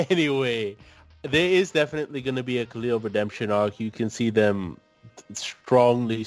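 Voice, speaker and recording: A man co-hosting a podcast speaks in a low register, with a blunt, sarcastic and profane manner. His voice is recorded very dry and close, in easy casual chat. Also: dry recording. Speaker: podcast co-host.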